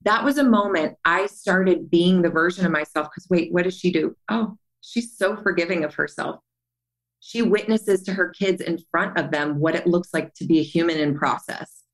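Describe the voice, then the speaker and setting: A middle-aged woman with a lowish voice and a moderate pace tells her story on a podcast, earnest and animated, voicing the characters she quotes. The conversation is candid, and the audio quality is poor.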